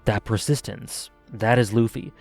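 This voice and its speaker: A man's voice: mid-range voice, fairly even intonation, measured pace, creaky, a little mellow, soft background music. A man giving an earnest, passionate video review commentary as a reviewer. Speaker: anime reviewer.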